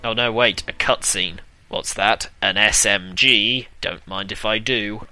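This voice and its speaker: Sarcastic man with a bright voice. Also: fairly low pitch, steady tone, unhurried, no echo. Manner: sarcastic, swears, hums tunes. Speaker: let's play commentator. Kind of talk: casual gameplay commentary.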